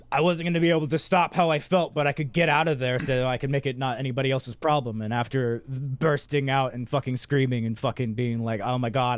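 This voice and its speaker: A man's voice: medium pitch, no room sound. A man co-hosting a podcast, talking in casual chat and venting with heavy swearing. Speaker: podcast co-host.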